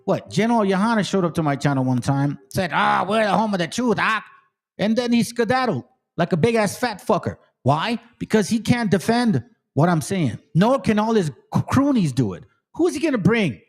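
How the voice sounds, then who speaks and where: A man's voice: high voice, big pitch swings, normal speed, darkish tone. A man hosting his channel, quoting scripture in a heated, profane and confrontational rant. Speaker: channel host. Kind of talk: heated biblical commentary rant.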